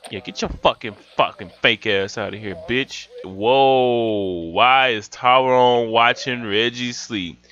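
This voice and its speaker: A young man giving loud, profane, excitable commentary while playing a life-sim game, swinging from yells to mutters. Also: mid-range voice, slow pace. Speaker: gaming YouTuber. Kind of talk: profane comic gameplay commentary. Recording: dull lo-fi home mic with game music.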